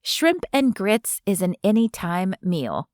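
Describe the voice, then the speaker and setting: A woman's voice: mid-range voice, sing-song, takes it slowly, darkish tone, no room sound, clean studio sound. A woman voicing a wry friendly young Southern woman.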